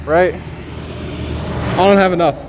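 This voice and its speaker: Chatty male streamer outdoors, higher voice. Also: fairly even intonation, takes it slowly, slight background noise. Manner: chatty, reads viewer comments aloud with frequent ums. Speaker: live streamer. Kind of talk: casual live-stream chat.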